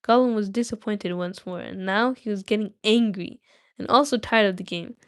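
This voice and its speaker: A woman's voice: mid-range voice, normal speed, a bit bright, smooth. Woman reading a story aloud on a stream. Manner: chatty, breaks off to talk to viewers. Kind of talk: casual read-aloud livestream.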